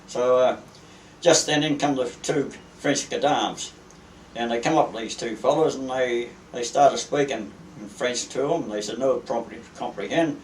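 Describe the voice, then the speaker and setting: An older man with an Australian accent tells sea stories in a rambling, halting way, full of fillers and restarts. His middle-pitched voice sounds distant from the mic in a roomy space, with faint ambience underneath. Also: a little hiss or hum. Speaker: retired merchant seaman. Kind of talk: reminiscing storytelling.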